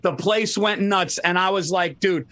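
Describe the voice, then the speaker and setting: A man's voice: high voice, measured pace. A man in casual chat, telling stories with lots of swearing and imitating people. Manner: animated storytelling, swears a lot, mimics people. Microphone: remote call.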